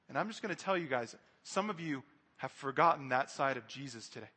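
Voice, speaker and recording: A man's voice: mid-range voice, animated, a little fast, sharp tone, husky, in a large hall. A man preaching a sermon, speaking earnestly and directly to his congregation.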